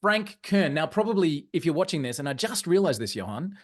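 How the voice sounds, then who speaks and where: A man presenting a live online training session, energetic and often checking in with his audience. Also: fairly high pitch, fairly quick. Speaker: webinar presenter.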